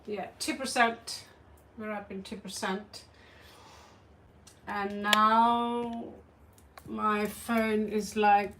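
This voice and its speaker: A woman's voice: medium pitch, very slow, long pauses, recorded from a distance, noisy background. A woman hosting a live tarot stream from a cluttered room at home, chatting in a rambling, distracted way, often swearing and laughing, picked up by a phone on a tripod.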